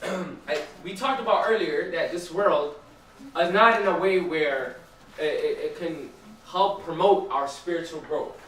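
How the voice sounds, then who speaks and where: A man's voice: a little high, measured pace, a bit bright, slight background noise. A young man giving a casual Bible study talk at church, chatty and asking the group questions. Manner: conversational, asks the room questions. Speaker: church teacher. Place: church hall. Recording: echoey room, mic far off.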